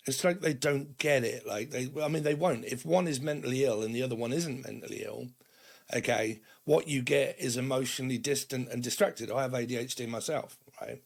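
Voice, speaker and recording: A man from Britain with a gravelly edge in his speech, reading tarot cards in a loose, rambling monologue. He checks in with listeners through "okay" and "right" and briefly mimics other people's lines in quotes. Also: medium pitch. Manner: rambling, frequent okay and right tags, puts on quick quoted voices. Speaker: tarot reader.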